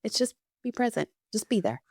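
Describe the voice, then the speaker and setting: A woman's voice: a little high, very animated, brisk, creaky, a little mellow, dry recording, studio quality. Candid woman host telling a story. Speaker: podcast host and fitness instructor. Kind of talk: conversational podcast talk.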